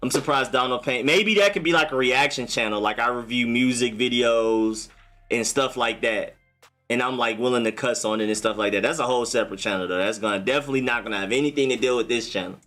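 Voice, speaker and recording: A man's voice: medium pitch, faint music behind. Young man hosting a chatty live stream. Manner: relaxed, chatty, answers chat comments one by one; careful, deliberate enunciation in a broadcaster voice. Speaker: livestream host. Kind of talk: casual live-stream chat.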